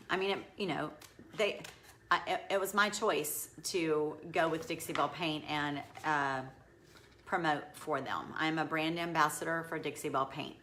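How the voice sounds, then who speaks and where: A woman's voice: low-pitched, sharp tone, a little hiss or hum. A middle-aged woman, a furniture painter chatting casually on a live stream, rambling as she works and reading viewer comments aloud. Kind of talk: casual live-stream chat while demonstrating a craft.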